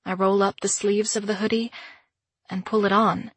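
Brief: woman narrator, slightly husky voice, mid pitch, measured and introspective first-person storytelling. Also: level tone, dry recording. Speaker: audiobook narrator.

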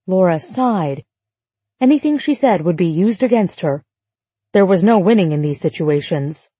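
A woman narrating a story in a calm, measured way. Her voice is warm and mellow with a slight husk. The sound is dry and close to the mic. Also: lowish voice, husky, no echo. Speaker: audiobook narrator. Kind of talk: scripted narration.

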